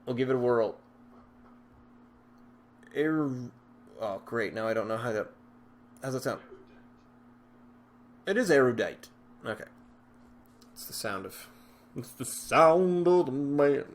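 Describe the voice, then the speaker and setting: Gaming host, male, mid-range voice, chatty and rambling with sudden excited bursts, casual play-along commentary. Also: mid-range voice, takes it slowly, long pauses, slight background noise. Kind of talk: casual commentary while playing a card game. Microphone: desk microphone with webcam.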